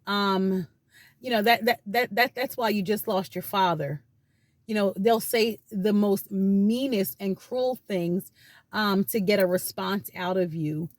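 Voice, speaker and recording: A woman with a mid-range, slightly mellow voice talks casually from a parked car, with no echo. As a channel host focused on healing from abuse, she explains abuse tactics in a rambling way full of fillers and restarts.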